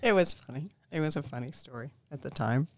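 Creaky-voiced woman telling stories. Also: sits low, brisk, dry recording. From Pennsylvania, USA. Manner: relaxed storyteller, frequent quiet murmurs of agreement. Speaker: real estate agent guest. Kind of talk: casual interview chat.

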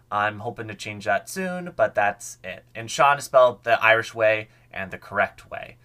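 A bright, forward-sounding young man narrating a history podcast in a casual, chatty way. He sounds eager about the subject, with mid-range pitch. Relaxed, conversational delivery throughout. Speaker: podcast host.

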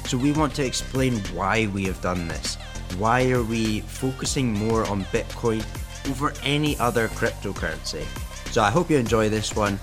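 Low-voiced man hosting a podcast. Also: moderate pace, music in the background. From Scotland. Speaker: podcast co-host. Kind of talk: podcast intro and casual chat.

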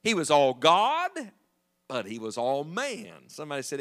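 A man's voice: a little high, a little slow. A middle-aged man, preaching a sermon as an evangelist in a folksy, storytelling way. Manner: folksy, animated storytelling with jokes to the congregation.

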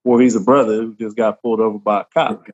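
A man who works as a police officer, talking calmly and at length in a casual podcast conversation. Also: on the low side, highs cut off. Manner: calm, measured, explains at length.

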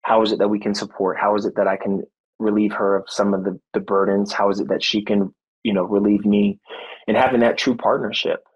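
A man in his thirties, a former football player, telling a personal story in a podcast interview, earnest and animated, acting out what people said. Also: lowish voice, brisk, slightly rough, highs cut off. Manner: faith-centered, reflective. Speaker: guest, former football player and motivational speaker.

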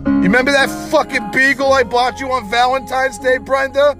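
A man's voice: fairly even intonation, moderate pace, music in the background. A man doing a bitter, swearing jilted ranter. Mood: ranting. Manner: ranting, profane, swinging from low growl to shrill.

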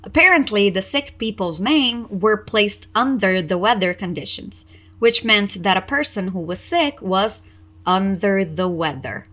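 A woman teaching English in a podcast lesson, explaining clearly and encouraging listeners to repeat out loud. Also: mid-range voice, animated, measured pace.

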